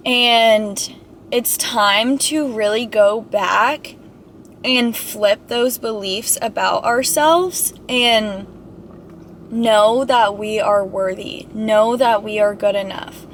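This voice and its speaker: A young woman talking casually and gently about self-help and spirituality, reflective and full of "like" fillers. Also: mid-range voice, takes it slowly, a little hiss or hum. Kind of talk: casual motivational talk.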